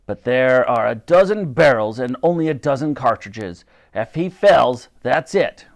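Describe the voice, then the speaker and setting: A man voicing a bossy, gruff old male admiral who barks orders loudly in a storybook reading. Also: mid-range voice, expressive, a little slow. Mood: commanding. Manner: barking orders, loud.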